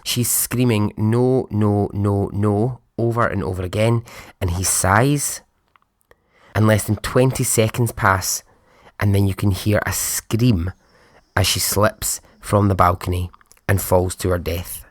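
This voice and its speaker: A man hosts a true crime podcast, walking the listener through the story in a loose, blunt way with plenty of swearing. His voice sits fairly low, and the recording is close and dry. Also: no echo. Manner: casual, blunt, swears often. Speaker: podcast host.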